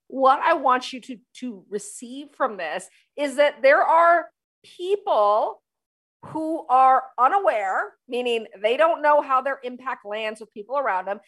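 A woman hosting a leadership talk show, coaching listeners in an emphatic, energetic way and repeating her key phrases. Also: high-pitched. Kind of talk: solo talk show monologue.

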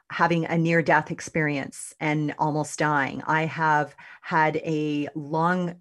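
A middle-aged woman with a low voice hosts a radio show. She talks to her listeners in a loose, chatty way, laughing now and then and letting out lively exclamations. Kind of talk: casual motivational talk.

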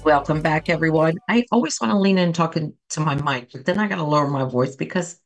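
A woman host with a slightly low voice leads listeners through breathing exercises. She talks loudly and with warm encouragement, pausing to count breaths. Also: faint music behind. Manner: loud, animated and encouraging. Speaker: host and life coach.

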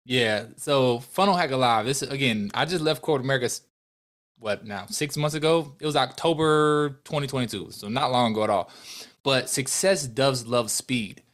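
A man's voice: medium pitch, moderate pace, a bit bright. A young adult man, a podcast guest and business owner, telling a heartfelt story in an earnest, emotional way, full of restarts and quoted dialogue.

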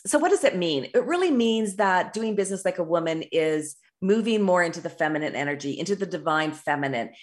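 A middle-aged woman with a notably low-pitched voice speaks as an intuitive business coach. She talks earnestly in a loose, rambling way, often restarting her sentences and checking in with "right?". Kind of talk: casual monologue.

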